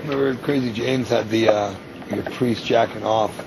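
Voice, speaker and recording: A man of middle pitch speaking offhandedly in casual conversation, dropping wry comments. A faint background hiss runs under his speech. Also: fairly even intonation, normal speed. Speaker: reality show contestant. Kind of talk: casual chat.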